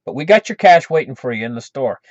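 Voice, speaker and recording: A man's voice: mid-range voice, big pitch swings, fast, dry recording, voice pushed down, natural voice. A man voicing a hesitant silver dealer who stumbles over fillers while making excuses, in a dull lo-fi recording. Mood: apologetic.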